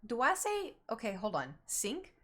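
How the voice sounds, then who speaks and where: A woman's voice: medium pitch, animated, unhurried, a bit bright. Chatty woman streamer with a slight Southern accent. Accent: slight Southern American. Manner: chatty, self-conscious about her pronunciation. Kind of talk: casual gaming stream chat.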